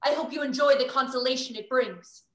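A woman's voice: high-pitched, a little fast, close to an everyday voice. A young actress playing a proud, theatrical stage-star mother whose grand scolding turns tender, performed over a video call. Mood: haughty. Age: young adult. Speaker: student actor.

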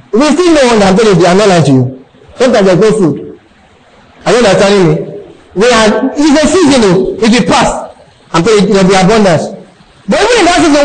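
A man's voice: high voice, low-quality recording. A man preaching a sermon to his congregation, calling out questions and repeating phrases. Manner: animated preaching with call-and-response and repeated phrases. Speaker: pastor. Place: church service.

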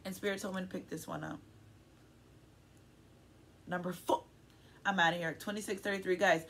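A woman's voice: fairly low pitch, steady tone, normal speed, pauses often, a bit bright, breathy edge. A woman giving a casual tarot reading to her viewers, effusive and affectionate, often turning emotional and checking in with her audience. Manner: chatty, frequently checks in with "okay?". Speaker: tarot card reader.

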